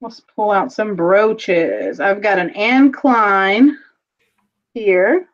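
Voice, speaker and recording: A woman talks her way through a live jewelry sale, chatty and unhurried, describing each piece in detail and dropping in the odd filler. Her voice sits at an ordinary pitch. The stream audio is dull and lo-fi. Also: lively intonation. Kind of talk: casual live-stream selling chat.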